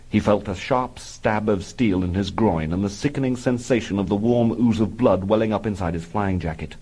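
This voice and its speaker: A man reading a comic memoir aloud in a dry, deadpan manner. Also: fairly low pitch, breathy edge, low-quality recording. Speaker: comic narrator.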